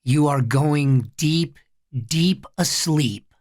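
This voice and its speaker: A reader voicing a furious, panicking older boy who yells in a high, tinny voice in a storybook reading. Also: drawn-out words. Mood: cold hypnotic. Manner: shrill yelling.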